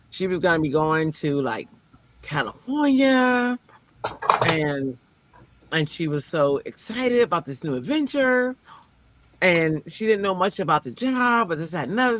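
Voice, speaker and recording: A man telling a story in an animated, dramatic way, jumping into the voices of the people he quotes. His voice is fairly high and sharply bright. The sound is dull and lo-fi. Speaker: co-host of a crafting livestream. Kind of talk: casual storytelling chat.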